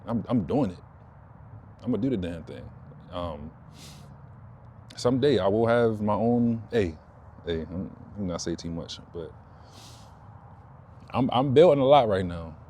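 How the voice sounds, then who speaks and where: A man talking casually to his audience outdoors, rambling and repeating himself, perking up when excited. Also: on the low side, a little hiss or hum. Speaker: vlogger. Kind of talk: casual talk to camera.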